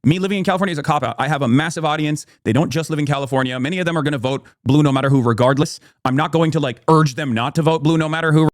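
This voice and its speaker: A man's voice: on the high side, very fast, few pauses, no echo, studio quality. A man ranting through combative, profane political commentary on a live stream.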